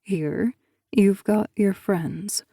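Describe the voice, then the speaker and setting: A woman voicing a calm, manipulative male school teacher who talks in a hushed, coaxing way. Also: mid-range voice, drawn-out words, breathy edge, dry recording, clean studio sound, heavily acted.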